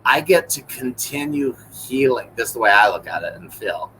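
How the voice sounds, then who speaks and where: Reflective man, bright tense voice. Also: medium pitch, animated, a little hiss or hum, low-quality recording. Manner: searching for words, halting and reflective. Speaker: guest. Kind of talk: casual live-stream conversation. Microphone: video call.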